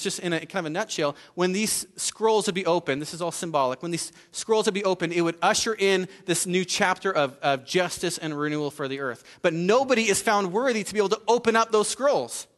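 A male pastor delivers a sermon in a fairly high voice. He speaks with earnest emphasis, stopping to repeat words and restart his thoughts. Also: a bit bright.

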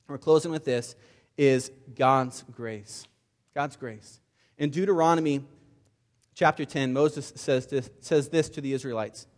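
A pastor delivering an impassioned sermon, often repeating words as he builds his points. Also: medium pitch. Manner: impassioned preaching with frequent word repeats.

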